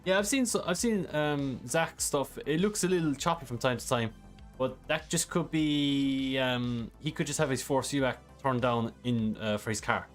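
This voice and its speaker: A man's voice: mid-range voice, normal speed, faint music behind. A man streaming a driving game, reading chat questions and explaining a track in a casual, rambling way. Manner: casual, rambling, many fillers. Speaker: sim racing streamer.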